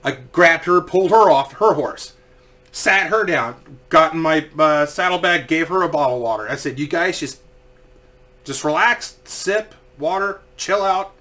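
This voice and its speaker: A man's voice: on the high side, measured pace. A man casually telling a story, swearing freely and acting out what people said. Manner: profane, animated, acts out quoted voices.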